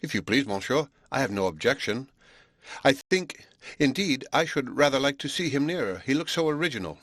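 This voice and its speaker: A man voicing a polite, gently eager young Swiss woman in an audiobook, raising his voice slightly for her. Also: mid-range voice, expressive, fairly quick, no echo, clean studio sound, pitched above the performer's own voice. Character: young Swiss woman, a shy lace mender.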